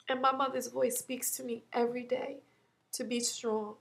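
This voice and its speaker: A woman in her thirties talking through a personal loss in a vlog, halting and heartfelt, close to tears at times. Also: a little high, level tone, creaky, slight background noise. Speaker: vlogger.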